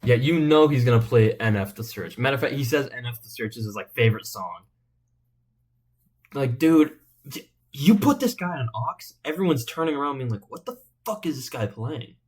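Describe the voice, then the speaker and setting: A man's voice: mid-range voice, lively intonation, moderate pace. A man giving rambling, profane, joking commentary as a channel host. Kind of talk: casual comedic commentary.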